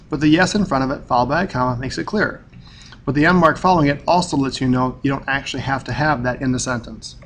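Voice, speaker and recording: A man's voice: medium pitch, fast, slight background noise. A male teacher giving a recorded grammar lesson, explaining in a plain, methodical way.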